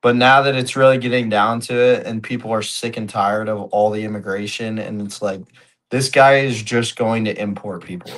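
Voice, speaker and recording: A man's voice: fairly low pitch, fairly even intonation, moderate pace, a bit bright. A man co-hosting a political talk show, speaking in a plain, blunt, casual way. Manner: plain-spoken, agreeing, blunt. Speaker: co-host.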